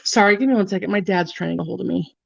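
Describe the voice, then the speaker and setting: A woman's voice: medium pitch, racing, gravelly, dry recording. A woman chatting casually while doing her makeup, blunt and swearing freely. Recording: dull lo-fi, dry sound.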